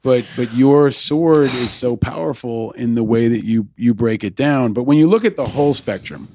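Brief: calm male interviewer, mid-pitched, thinks aloud, dry close sound. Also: no echo. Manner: measured, reasoning, with hesitant restarts. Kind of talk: interview conversation.

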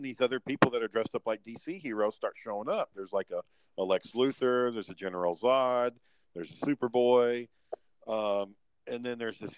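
Casual male co-host, mid-pitched, dry close-miked sound, swears a lot and animates his anecdotes. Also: clean tone, dry recording, rough recording. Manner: profane, animated storyteller who acts out other people's lines. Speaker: podcast co-host. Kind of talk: casual storytelling chat.

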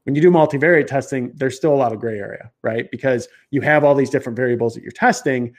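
A man's voice: medium pitch, quick pace. Chatty Chicago man explaining marketing. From Chicago area. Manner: energetic, rambling, many restarts and fillers. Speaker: podcast guest, marketer. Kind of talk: conversational interview explanation.

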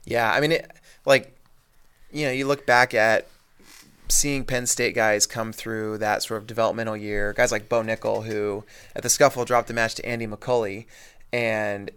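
A man's voice: on the low side, flat delivery, normal speed, fairly bright tone, clean tone. A man co-hosting a casual sports podcast, talking in long rambling turns full of fillers. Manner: rambling, many fillers and restarts. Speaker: podcast co-host.

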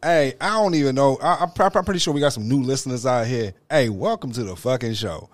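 This podcast co-host, recorded dry in a studio, has a medium-pitched male voice. He meets the banter with incredulous, long-drawn swearing.

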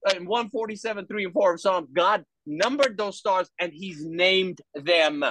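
High-voiced man sharing his faith. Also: moderate pace, no echo. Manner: animated, rambling, with many restarts. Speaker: guest. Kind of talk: faith testimony in conversation.

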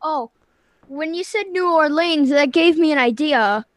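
A woman's voice: high-pitched, a little slow, no room sound. A woman playing as a quiz contestant, guessing hesitantly with many ums.

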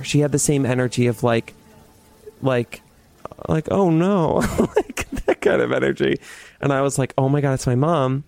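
A man's voice: medium pitch, warm tone, a little hiss or hum. A young man telling a personal story in a casual, dramatic way, with laughter and swearing along the way. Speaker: podcast host.

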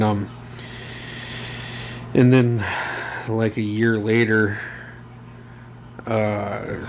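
A man's voice: lowish voice, vocal fry, a little hiss or hum. A man in his thirties hosting a casual solo podcast, rambling and emotional, swearing freely and using many fillers. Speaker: podcast host.

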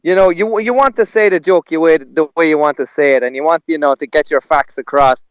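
A man who works as a stand-up comedian, talking in a relaxed, rambling way. His voice sits somewhat high and comes through smooth and clear. The recording is dry and a little dull. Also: fast, dry recording. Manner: rambling, with restarts and laughs. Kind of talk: casual conversation.

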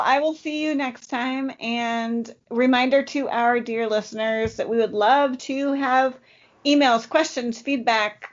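Her voice sits on the high side as this woman co-hosts a podcast, rambling through a casual chat full of fillers. The recording's high frequencies are cut off.

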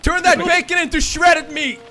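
A man hosting a gaming session, loudly taunting and shouting at his friends. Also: very high-pitched, steady tone, moderate pace, soft background music. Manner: loud, taunting, frequent shouts. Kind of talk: excited multiplayer gaming commentary.

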